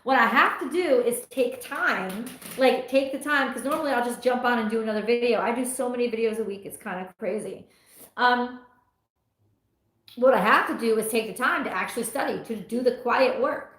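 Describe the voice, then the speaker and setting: A woman's voice: fairly high pitch, moderate pace, a bit bright. A middle-aged woman hosting a tarot livestream, chatting casually and reading viewer comments aloud with frequent laughs. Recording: echoey room.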